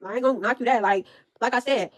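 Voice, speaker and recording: Fast-talking woman telling a blunt story. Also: on the high side, dry recording. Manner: blunt, profane, animated storytelling. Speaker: storyteller host. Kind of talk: casual storytime chat.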